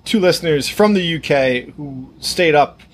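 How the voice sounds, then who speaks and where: A man co-hosts a podcast in a relaxed, rambling way. A faint hum of noise sits behind his voice. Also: a little high, unhurried. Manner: relaxed, rambling, many fillers. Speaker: podcast co-host. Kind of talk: casual podcast chat.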